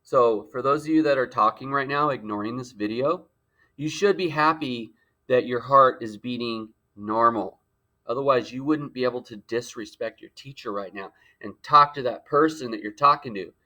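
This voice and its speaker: A man's voice: mid-range voice, sharp tone. A male teacher giving a playful lecture with frequent joking asides. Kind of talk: jokey classroom lecture.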